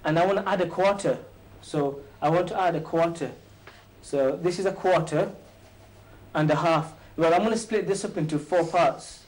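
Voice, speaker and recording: A man's voice: a little high, darkish tone, rough recording. Chatty, jokey man teaching a maths lesson. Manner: quizzing students with quick questions, chatty and jokey. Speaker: maths teacher and show host. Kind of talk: informal maths lesson with students.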